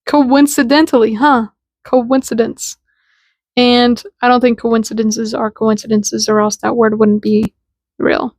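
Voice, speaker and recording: Woman, casual spiritual talk, chatty, slangy, fairly high voice, dry close sound. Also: flat delivery, a little slow, a little mellow, no echo. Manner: chatty and informal, acts out little dialogues in quotes; slangy, with lots of "like" fillers. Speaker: spiritual content creator.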